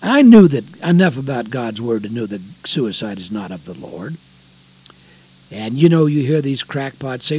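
An older man delivers a folksy radio sermon in a husky, slightly raised voice that leaps up and drops low with emphasis. He moves between loud, pressing phrases and quiet, hushed ones. The recording is dull and lo-fi, like old radio. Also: big pitch swings, moderate pace. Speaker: radio preacher.

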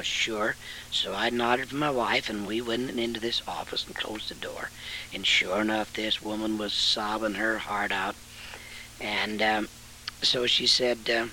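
An older man preaching a sermon, with sudden loud rises and quieter stretches of storytelling. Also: medium pitch, a little hiss or hum, poor audio.

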